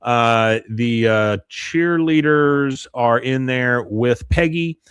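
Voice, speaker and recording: A man's voice: medium pitch, clear, resonant tone, no room sound. Male podcast co-host, rambling episode recap full of fillers, dry close mic. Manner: halting, many fillers, animated when quoting. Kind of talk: casual recap with acted-out quotes.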